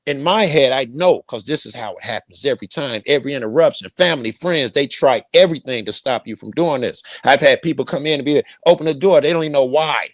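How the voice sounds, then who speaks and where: A man's voice: mid-range voice, lively intonation, fast, hardly any pauses, no echo. A middle-aged man telling a rambling personal story, profane and repeating himself. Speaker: guest storyteller.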